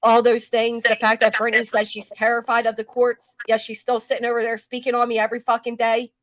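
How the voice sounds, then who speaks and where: A woman's voice: a little high, monotone, quick pace, dry recording. A woman hosting a casual live stream, talking in a brash, profane, mocking way. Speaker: host.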